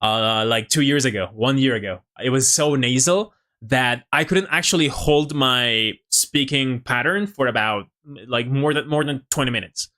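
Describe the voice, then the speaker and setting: A man's voice: medium pitch, normal speed, pushed and bright. A young Mexican man, a native Spanish speaker, chatting casually on a live stream in English with an American-leaning accent, slightly nasal, laughing often and restarting his sentences. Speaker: language-learning streamer.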